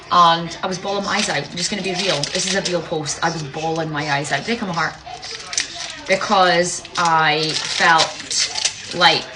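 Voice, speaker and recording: A young woman with a lowish voice vlogs candidly to camera as a parent, with music and noise in the background. She is frank and emotional, swears freely, and often checks in with "right?".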